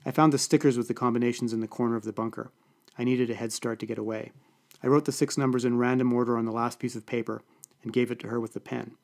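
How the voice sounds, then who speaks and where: A man's voice: medium pitch, little pitch movement, fast talker, a little mellow. A man with a Canadian accent reading a first-person story aloud in a dry, wry way. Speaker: audiobook narrator. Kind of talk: first-person scripted narration.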